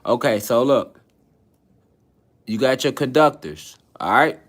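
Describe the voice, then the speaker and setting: A man with a medium-pitched voice speaks slowly in a preachy spiritual lecture online. He is insistent and emphatic, repeatedly firing rhetorical questions at his listeners.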